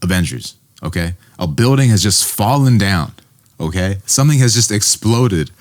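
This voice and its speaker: A man co-hosting a casual podcast chat, telling stories with lively put-on quotes of other people. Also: on the low side, moderate pace. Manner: animated storyteller, mimics people mid-rant. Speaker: podcast co-host. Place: small podcast studio.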